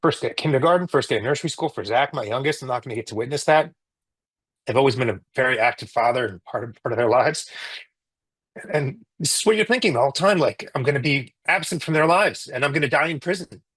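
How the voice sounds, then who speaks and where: Husky middle-aged man, earnest and indignant. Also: medium pitch, lively intonation, fast, a bit bright. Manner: earnest, with frequent restarts and rising indignation. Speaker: emergency physician and interview guest. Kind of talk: emotional personal account in an interview.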